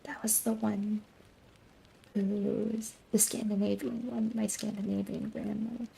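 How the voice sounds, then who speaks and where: A young woman streamer from the American South chatting sleepily, often dropping into a soft half-whisper. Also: mid-range voice, level tone, unhurried, vocal fry, slight background noise. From Southern United States. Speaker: VTuber streamer. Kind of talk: sleepy late-night stream chat.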